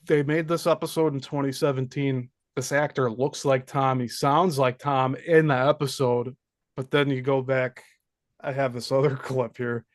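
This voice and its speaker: A man hosting a live interview, talking casually with quick asides. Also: mid-range voice, little pitch movement, no room sound, clean studio sound. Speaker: host.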